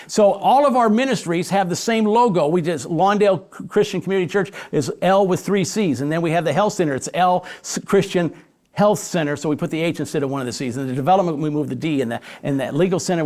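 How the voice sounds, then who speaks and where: A pastor talks in a live on-stage interview, emphatic and full of energy. His voice sits a little high for a man, and he stumbles over repeated words as he pushes his points. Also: a little mellow. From Chicago area. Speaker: pastor and guest speaker.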